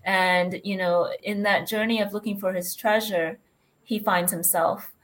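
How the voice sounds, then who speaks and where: A woman's voice: medium pitch, steady tone, unhurried, fairly bright tone. Earnest reflective woman guest. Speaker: transition coach, guest. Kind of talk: interview answers.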